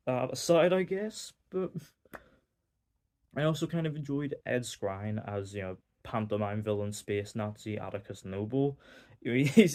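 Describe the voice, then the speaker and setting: A man's voice: lowish voice, darkish tone. A young man with a Northern Irish accent giving a casual, rambling movie review, full of fillers and wry asides. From Northern Ireland. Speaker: film reviewer.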